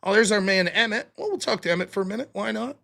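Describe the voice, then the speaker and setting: High, bright-voiced Pittsburgh man hosting. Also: fast, gravelly. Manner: chatty, swears freely, playful. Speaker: call-in show host. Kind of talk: casual chat.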